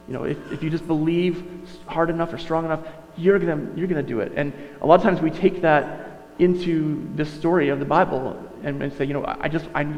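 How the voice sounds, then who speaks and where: A man's voice: on the high side, darkish tone. Chatty male pastor in a reverberant hall. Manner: conversational, self-correcting, with asides. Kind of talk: sermon. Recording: dull sound, long reverb, mains hum.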